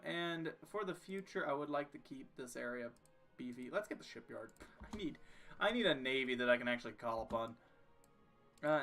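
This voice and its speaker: Bright-voiced man narrating his gameplay. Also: mid-range voice. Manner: jokey, talks to himself and the game. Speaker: streamer playing a strategy game. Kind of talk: casual gameplay commentary.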